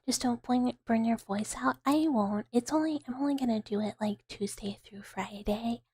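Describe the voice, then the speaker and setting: A woman from the American South, chatting in a whispered ASMR live stream. She whispers softly and rambles, with many fillers. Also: fairly high pitch, normal speed, husky, no echo. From Southern United States.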